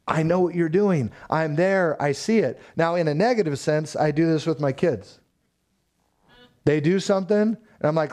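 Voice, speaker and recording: A male pastor delivering a sermon with a fairly high voice. He preaches emphatically, repeating key phrases for stress. He puts rhetorical questions to the congregation as he goes. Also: moderate pace, a little mellow.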